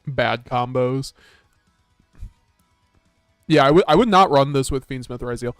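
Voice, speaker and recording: A man's voice: medium pitch, unhurried, clean tone, no echo, soft background music. Rambling casual male card game streamer. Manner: rambling, casual, frequent restarts and chuckles. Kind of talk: live-stream gameplay commentary.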